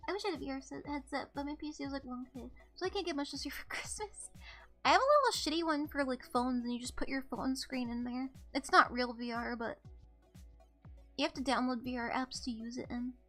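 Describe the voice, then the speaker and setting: Bright high-voiced young woman streamer. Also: brisk, soft background music. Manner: rambling, giggly, apologetic. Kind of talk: casual live-stream chat.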